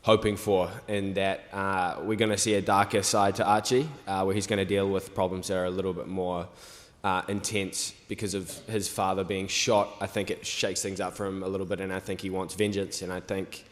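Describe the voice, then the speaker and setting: Young man, low voice, hall echo. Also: a little fast, few pauses. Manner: relaxed, rambling, many fillers and restarts. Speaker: actor guest on a convention panel. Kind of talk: panel Q&A answers. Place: large convention hall stage. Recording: reverberant convention hall.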